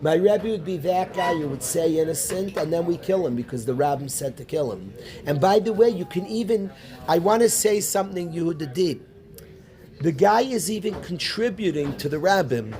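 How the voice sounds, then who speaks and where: A man, a rabbi teaching a Talmud class, animated, calling on students by name and repeating his questions. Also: a little high, moderate pace. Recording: room noisy with student chatter.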